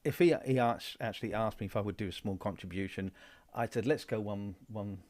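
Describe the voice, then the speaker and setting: Outspoken man, lowish voice. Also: a little fast, a little mellow. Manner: chatty, outspoken, hesitant fillers. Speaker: station organiser. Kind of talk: casual fundraising appeal.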